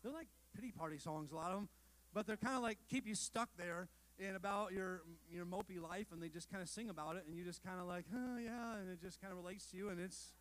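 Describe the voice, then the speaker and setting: High-voiced pastor preaching conversationally. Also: male voice, fast talker, a bit bright, rough recording. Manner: conversational preaching with rhetorical questions and asides; self-deprecating humor with the congregation. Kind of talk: sermon.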